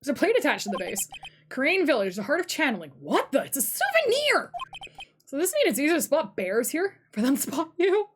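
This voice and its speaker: A woman's voice: high voice, very animated, fairly quick, noisy background. A woman streamer reading game text aloud with playful, sarcastic asides.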